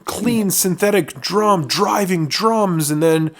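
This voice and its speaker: A man's voice: high-pitched, slow. Agreeable male podcast co-host. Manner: agreeable, frequent backchannel replies, laughs easily. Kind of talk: casual music chat.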